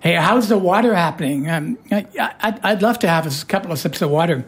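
A woman hosts a relaxed radio chat, her voice hoarse and husky and sitting a little low. She teases her co-host playfully and leans hard on the words she wants to stress, in a studio setting. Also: quick pace. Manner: playful, teasing, animated emphasis.

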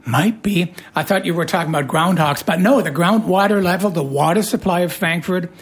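A woman with a hoarse voice hosting a casual radio chat, playful and teasing, with animated emphasis. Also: lowish voice, fairly quick. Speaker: radio host.

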